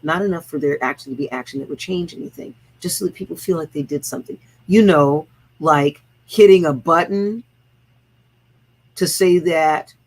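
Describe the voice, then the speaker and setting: On her own livestream, a woman with a low, breathy-edged voice rants to motivate her viewers, speaking bluntly and with plenty of profanity. She rallies them by chanting slogans over and over. The recording quality is low.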